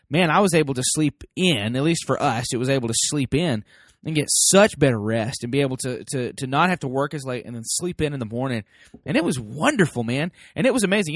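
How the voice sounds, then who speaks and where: A man hosting a casual parenting talk, folksy and animated, acting out quoted voices as he speaks. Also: mid-range voice, dry recording, clean studio sound. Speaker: parenting podcast host.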